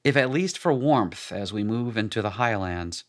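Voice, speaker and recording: A man's voice: on the low side, lively intonation, moderate pace, natural voice. A man reading a story, voicing a boisterous, proud male warrior guide with grand, declamatory speech.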